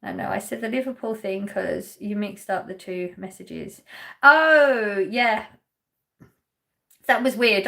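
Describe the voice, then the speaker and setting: A woman's voice: medium pitch, a bit bright. A woman hosting a casual livestream, reading viewer comments aloud, laughing often and trailing off mid-sentence. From Essex, England. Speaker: livestream host.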